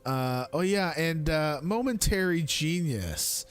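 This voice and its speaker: A man's voice: expressive, slow pace, clean tone, faint music behind. A man in his thirties chatting casually on a live stream, rambling with fillers and restarts. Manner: high squeaky voice when quoting his young son.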